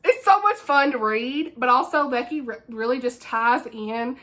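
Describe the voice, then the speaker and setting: A woman's voice: high-pitched, normal speed, pushed and bright. A woman chatting casually about books she has read, gushing and giggly as she reviews them. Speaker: book vlogger. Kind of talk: casual book review chat.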